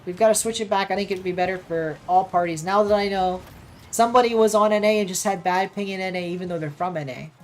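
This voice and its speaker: Speaking fast at a medium pitch, a streamer and caster from the United States chats easily with her audience, reacting to both the gameplay and the chat. A faint hiss or hum sits under the recording.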